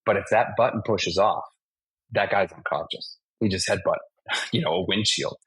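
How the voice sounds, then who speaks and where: Man, 40s, stunt performer guest, husky, vivid storyteller. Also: low-pitched, moderate pace, no echo, poor audio. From United States (Massachusetts). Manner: animated anecdotes, acts out impacts and sound effects. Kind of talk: casual storytelling interview.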